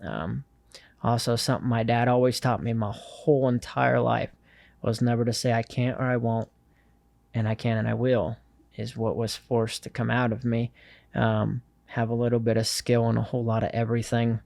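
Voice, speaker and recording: A young man with a gravelly, creaky edge to his mid-pitched voice recounts his own story as an interview guest. He speaks earnestly, pausing often and filling gaps with ums and uhs. The room is dry and close. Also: flat delivery, a little mellow, no echo. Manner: earnest, with many fillers and pauses. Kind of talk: personal storytelling.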